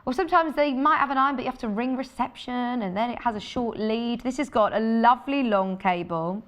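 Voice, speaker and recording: A woman presenting a live home shopping show, chatty and enthusiastic, chatting with off-camera crew between sales pitches. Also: brisk, fairly bright tone. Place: TV studio.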